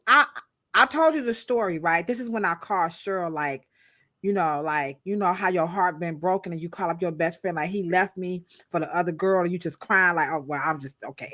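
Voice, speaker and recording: A woman co-hosting a podcast, animated and exclamatory, talking in casual slang with bursts of laughter. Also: lowish voice. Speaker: podcast co-host. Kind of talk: casual chat.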